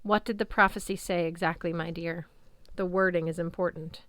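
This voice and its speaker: A woman voicing a wise old male centaur teacher who speaks calmly and gently. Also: fairly low pitch, normal speed, smooth, dry recording, close to an everyday voice.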